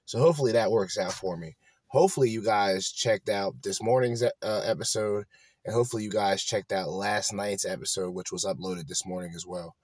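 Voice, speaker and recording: A man's voice: fairly low pitch, fairly quick, darkish tone, no echo. A man hosting a podcast, ranting bluntly and swearing a lot as he reacts to clips. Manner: blunt, profane, dismissive. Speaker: podcast host.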